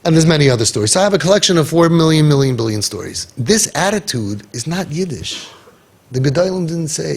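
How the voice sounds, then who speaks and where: A man addresses a room of parents with forceful conviction and a sarcastic edge, mixing Hebrew and Yiddish terms into his speech. His voice sits a bit high, gravelly and husky throughout. The talk is animated and pointed. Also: fairly quick. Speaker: parenting guide.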